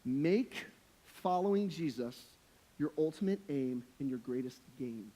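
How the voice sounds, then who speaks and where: A young man with a high voice preaches a sermon to his church. His delivery is casual and slangy, like chatting with friends, with humorous, emphatic punches. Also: lively intonation, unhurried, mellow. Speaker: pastor.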